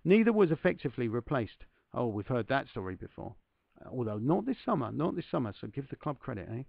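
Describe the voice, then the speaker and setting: A man's voice: mid-range voice, very animated, quick pace, creaky, no echo, lo-fi sound. A man hosting a podcast, reading a book passage aloud and breaking off for self-deprecating asides to his listeners. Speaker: podcast host.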